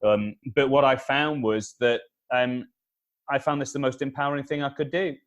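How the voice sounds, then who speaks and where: An energetic man explains his method in a lively interview. He hammers his key points home by repeating them. He acts out conversations with clients as he goes. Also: medium pitch, normal speed. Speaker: communication consultant, interview guest. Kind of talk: animated advice with acted-out anecdotes.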